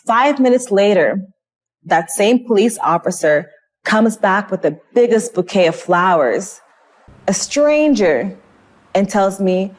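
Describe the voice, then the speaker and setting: A woman's voice: mid-range voice, animated, slow. A woman who teaches English, telling an emotional personal story in an interview. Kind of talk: personal testimony.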